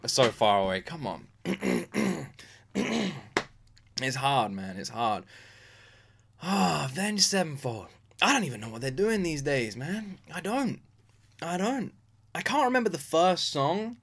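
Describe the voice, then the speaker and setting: A British man in his thirties chatting casually as a music reaction host, openly emotional and excitable, full of fillers. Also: on the high side, slow, pauses often. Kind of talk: casual chat.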